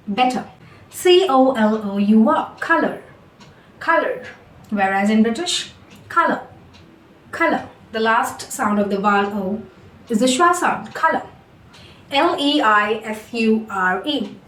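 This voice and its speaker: Indian woman teaching phonics, fairly high voice, quick talker, heard in a roomy echo. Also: far from the mic. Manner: slow, careful modelling of sounds. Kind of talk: online lesson mixing English and Hindi.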